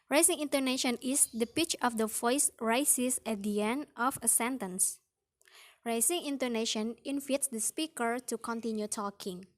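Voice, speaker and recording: Young woman, slow lesson reading, higher voice. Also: fairly bright tone. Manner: slow, careful reading with acted example sentences. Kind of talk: reading a phonetics lesson aloud.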